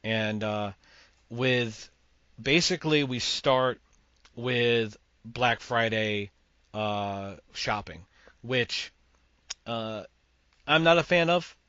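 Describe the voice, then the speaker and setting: A man's voice: mid-range voice, extremely slow, pauses often, bright, forceful tone, smooth, dry recording, muffled recording. A man from Massachusetts hosting a podcast, giving opinionated, rambling movie takes. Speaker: podcast host. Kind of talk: casual movie chat.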